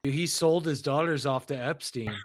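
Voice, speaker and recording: A man's voice: on the high side, normal speed. A man joking with friends in laid-back banter while watching a movie. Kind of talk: casual movie-watching chat.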